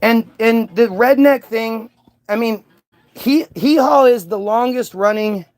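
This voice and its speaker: A man with a notably high voice for a man holds forth as a podcast host. His talk is loose and rambling, peppered with profanity and heavy emphasis. He sounds middle-aged and keeps pressing his point. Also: takes it slowly, darkish tone. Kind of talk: casual chat.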